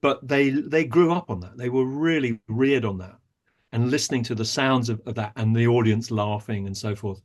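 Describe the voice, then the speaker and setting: A man's voice: mid-range voice, moderate pace. A man, an actor and director, speaking as a podcast guest, talking at length in a thoughtful, storytelling way. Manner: thoughtful storyteller, talks at length with many small restarts. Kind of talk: interview conversation.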